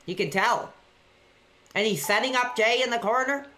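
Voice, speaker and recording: A woman talks casually to her live-stream viewers from a dark room at home. Her voice is bright and sharp. She reads out chat messages and breaks into eager play-by-play whenever the match heats up. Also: on the high side, normal speed. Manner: chatty, reads out chat messages between excited play-by-play reactions.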